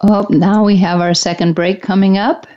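A woman's voice: medium pitch, fairly even intonation, moderate pace, highs cut off. A woman hosting a radio show, chiming in with friendly conversational remarks.

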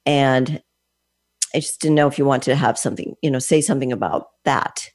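A woman's voice: a bass voice, a little fast, a little mellow. Almost sixty-year-old woman hosting an interview. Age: 50s. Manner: thoughtful, talks in long winding sentences with restarts. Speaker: host; fitness trainer. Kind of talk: conversational interview.

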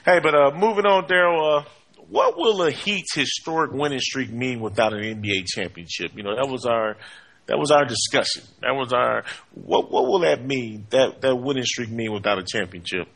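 A man hosting a sports talk show, energetic, with lots of "hey, man" and "uh" between points. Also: mid-range voice, normal speed, vocal fry. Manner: energetic, frequent fillers and 'hey, man'.

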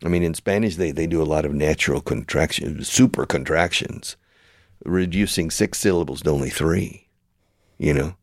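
Deep gravelly-voiced older man lecturing. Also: normal speed, dry recording, studio quality. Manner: emphatic and lecturing, with many restarts. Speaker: show host and language school founder. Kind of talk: conversational interview, teacherly explaining.

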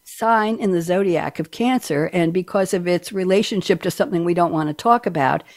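Woman with a New York accent, radio talk show host, playful rambling chatter, slightly low voice. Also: fairly quick, darkish tone. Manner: playful, rambling, jokey asides.

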